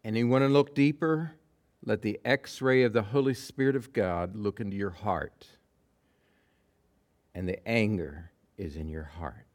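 A man preaching a sermon, acting out quotes with big swings from loud bursts to hushed lines. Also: lowish voice, a little slow. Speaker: pastor.

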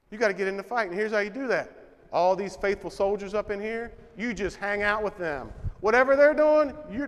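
A man with a high-pitched voice preaches in a conversational, emphatic way, firing rhetorical questions at the room. His voice rings out with a long reverb from the church sanctuary around him. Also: fairly bright tone. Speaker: pastor. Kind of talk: sermon. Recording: reverberant hall.

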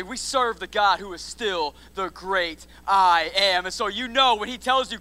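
A man preaching a sermon in slangy, energetic style, building up to loud repeated lines and dropping low again. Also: unhurried, few pauses, no echo. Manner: builds to shouts in repeated phrases, then drops low. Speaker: pastor.

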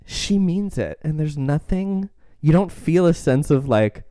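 A man's voice: a little high, lively intonation, measured pace, dark tone, no echo, clean studio sound. A man co-hosting a podcast, chatting casually about films in a rambling, tangential way, laughing often and acting out lines from the movies. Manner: acts out movie lines in quoted voices. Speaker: podcast co-host. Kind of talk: casual film discussion chat.

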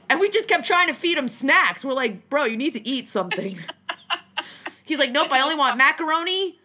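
A young woman from New Jersey telling a rambling, animated story in casual chat, swearing freely and acting out what people said, with many restarts. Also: high-pitched, normal speed.

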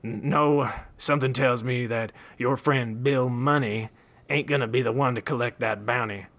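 A man's voice: medium pitch, fairly even intonation, normal speed, a bit bright, lightly acted. A man voicing a furious, foul-mouthed frontier sheriff who screams and curses. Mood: smug. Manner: screaming, swearing, explosive.

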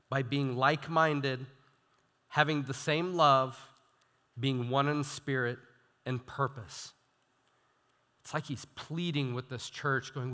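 Bright-voiced young male preacher, hall reverb. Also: fairly high pitch, unhurried, pauses often. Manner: animated, self-deprecating, reads quotes with emphasis. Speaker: student minister. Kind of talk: sermon. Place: church hall.

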